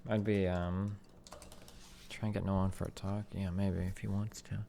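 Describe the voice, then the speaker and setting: Low gravelly man thinking aloud. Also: flat delivery, moderate pace, dark tone, a little hiss or hum. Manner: thinks aloud, questioning, many "like"s. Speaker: streamer. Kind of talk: livestream commentary, reading an article aloud.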